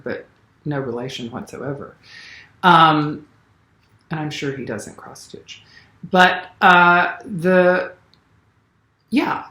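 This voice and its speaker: A man's voice: high voice, a bit bright. Rambling Southern man in an echoey room. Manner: rambling, gushing, many fillers and restarts. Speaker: cross-stitch vlogger. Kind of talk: casual chat to camera.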